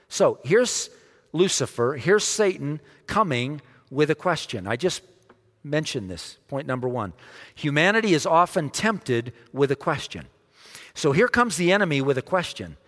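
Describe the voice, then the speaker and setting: A man preaching a sermon, dramatic, dropping almost to a hush to stress a point. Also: fairly high pitch, lively intonation, normal speed. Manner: dramatic, drops to a near hush for emphasis. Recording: long hall reverb.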